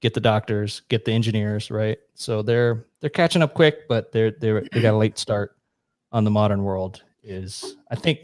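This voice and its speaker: A man's voice: on the low side, normal speed, a little mellow, dry recording, studio quality. A man co-hosting a talk show, explaining history at length in a blunt, profane, casual way. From United States. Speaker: podcast co-host. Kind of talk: casual chat.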